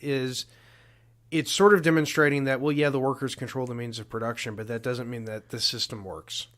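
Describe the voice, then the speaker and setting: A man co-hosting a podcast who talks through his ideas about a film in a halting way, with frequent restarts. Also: medium pitch, steady tone, fairly bright tone. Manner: halting, restarts often while building an argument. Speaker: podcast co-host. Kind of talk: casual film-discussion chat.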